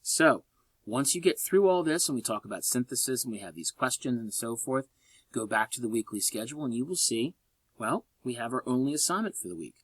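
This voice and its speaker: Joking, animated college English instructor. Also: male voice, mid-range voice, a little fast, dry recording. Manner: lively, joking asides, sarcastic. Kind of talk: recorded lecture narration.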